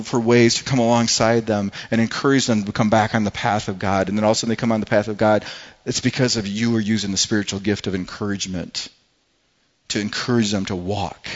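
Man, pastor, sermon, earnest, stumbling repeats, fairly low voice, muffled lo-fi recording. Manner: repeats words and restarts often, earnest. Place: church hall with congregation.

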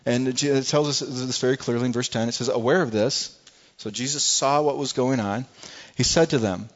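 Male preacher, mid-pitched, chatty and repetitive, dull lo-fi sound. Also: fairly even intonation, normal speed. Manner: conversational, repeats words, acts out quotes. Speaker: pastor. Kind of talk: sermon.

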